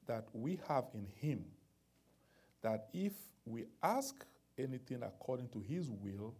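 Male preacher, mellow tone, church sermon, fervent prayer into emphatic teaching. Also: medium pitch, expressive, unhurried, slightly rough. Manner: repetitive fervent prayer addresses, then rising emphatic preaching.

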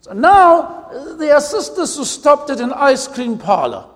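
A South African man preaching a sermon as pastor, telling humorous stories with drawn-out emphasis, in a church hall. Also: extremely high pitch, very animated. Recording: long hall reverb.

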